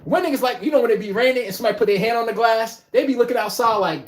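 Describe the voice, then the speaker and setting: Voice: mid-range voice, brisk. A sports commentator giving blunt, profane, casual commentary and acting out quotes in mock voices. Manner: animated, profane, blunt trash talk.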